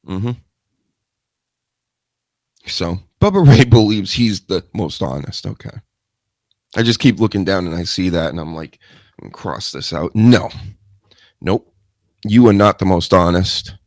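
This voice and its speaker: A man's voice: sits low, lively intonation, measured pace, pauses often, dry recording. A man hosting a solo chat show into a studio mic, rambling and joking with crude asides. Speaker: show host.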